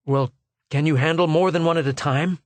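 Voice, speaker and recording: A man's voice: on the high side, steady tone, moderate pace, no room sound, lightly acted. A man voicing an earnest, persuasive male scholar of a galactic empire, speaking with emphatic, rising force. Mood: eager.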